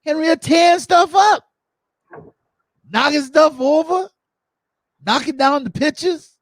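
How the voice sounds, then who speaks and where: A man hosting a podcast in casual chat, telling funny stories with animated energy and acting out quotes. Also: very high voice, measured pace, no echo. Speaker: podcast host.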